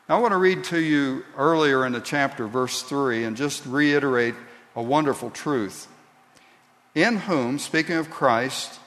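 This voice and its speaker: A man preaching a sermon as pastor, slow and deliberate, building to emphatic peaks. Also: on the high side, a bit bright. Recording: long reverb of a large hall.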